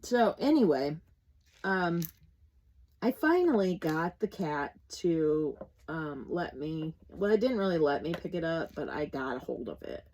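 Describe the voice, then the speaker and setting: A woman's voice: sits low, big pitch swings, a little slow, a little mellow, poor audio. A middle-aged woman from the Midwestern United States chatting casually while she works on a craft kit, telling a story in a rambling way with many fillers and restarts. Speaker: crafting vlogger. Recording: noticeable background noise.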